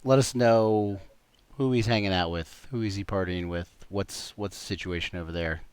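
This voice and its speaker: A man with a smooth, resonant voice plays a tabletop game, talking casually, hesitating and pausing as he works things out. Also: low-pitched, darkish tone, dry recording. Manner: casual, hesitant, laughs often. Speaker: player. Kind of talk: tabletop role-play chat.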